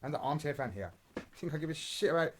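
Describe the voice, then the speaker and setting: A man's voice: on the high side, lively intonation, quick pace, fairly bright tone, slight background noise. A young man hosting a casual football podcast and reacting to match footage in blunt, rambling, sweary banter full of street slang. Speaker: podcast host. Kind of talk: casual football watch-along commentary.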